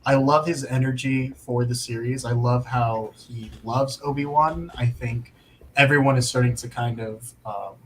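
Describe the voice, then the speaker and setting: A man's voice: mid-range voice, fairly even intonation, a little slow, a little hiss or hum, low-quality recording. A man co-hosting a movie talk show, earnest and hesitant in casual chat. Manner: earnest, hesitant, many fillers. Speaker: podcast co-host.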